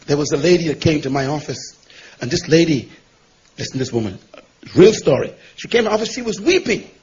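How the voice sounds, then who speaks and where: A man's voice: a little high, animated, a little fast, darkish tone. A man preaching a sermon, telling a story to his congregation with emphatic delivery. The recording sounds dull and lo-fi. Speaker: pastor.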